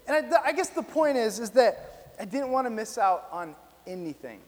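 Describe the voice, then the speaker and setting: A man preaching a sermon to a live congregation, telling stories in an animated, chatty way with many fillers. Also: very high voice, normal speed. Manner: animated storytelling, lots of fillers. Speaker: pastor. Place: church hall, live audience. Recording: reverberant hall.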